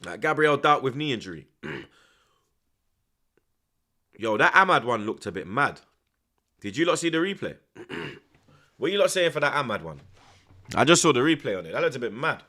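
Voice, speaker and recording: A young man giving excitable, slang-heavy live commentary on a football match, dropping to hushed mutters and bursting into loud outbursts. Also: medium pitch, brisk, long pauses. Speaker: football watch-along streamer.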